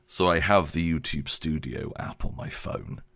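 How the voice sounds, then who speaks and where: A man's voice: a bass voice, unhurried, fairly bright tone. A man giving a casual channel update, rambling and self-deprecating, laughing often. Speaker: YouTube creator.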